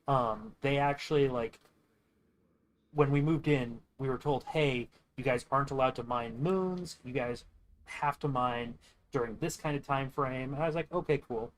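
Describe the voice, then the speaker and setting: A man's voice: mid-range voice, a little slow, low-quality recording. A young man streaming games and telling a long rambling story in a casual, profane way, quoting others as he goes. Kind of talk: casual storytelling while gaming.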